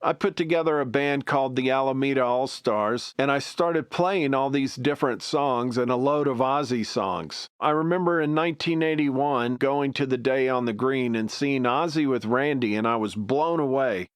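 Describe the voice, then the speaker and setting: A man reading documentary narration and quotes in a steady, measured way. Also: medium pitch, clear, resonant tone, no echo, clean studio sound.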